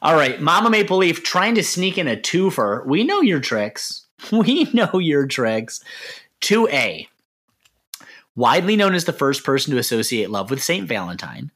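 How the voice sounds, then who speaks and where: A man co-hosting a casual sports podcast, joking and getting worked up as he answers listener questions. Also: medium pitch. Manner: animated, joking, worked-up rants. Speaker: podcast co-host.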